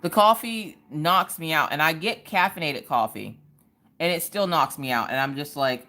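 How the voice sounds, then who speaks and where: A woman's voice: low voice, normal speed, pushed and bright. A woman in her thirties hosting a casual livestream, telling stories and greeting viewers by name. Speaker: livestream host.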